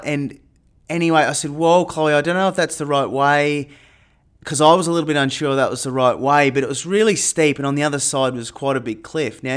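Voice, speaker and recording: A man telling a personal story in a casual monologue, animated and getting louder when he re-enacts a tense moment. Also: fairly high pitch. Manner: animated retelling, rising loud when quoting panic. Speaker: airline pilot and marketer.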